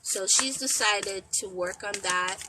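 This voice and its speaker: A woman's voice: medium pitch, noisy background. A woman doing a live tarot reading outdoors at a beach. She meanders as she passes on messages from a spirit, quoting them one after another. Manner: relays spirit messages as quotes, meandering and slow. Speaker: intuitive tarot reader.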